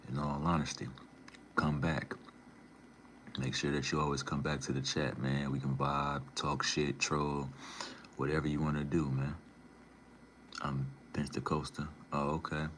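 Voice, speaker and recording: Very deep-voiced man chatting on a livestream. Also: a little hiss or hum. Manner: laid-back slangy talk, calls viewers man and bro. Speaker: livestreamer reading chat. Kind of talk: casual live-stream chat.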